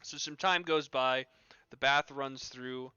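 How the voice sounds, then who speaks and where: A man's voice: mid-range voice, fairly even intonation, slow pace, sharp tone, smooth, dull audio. A man running a tabletop game as game master, narrating loosely with lots of "like" and "um".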